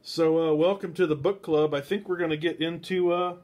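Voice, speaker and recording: A man's voice: a little high, steady tone, brisk, a little mellow. A man hosts a casual book club livestream from his home, speaking into his phone. He meanders between topics with self-deprecating asides. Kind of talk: rambling casual livestream talk. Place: home, talking to a phone camera.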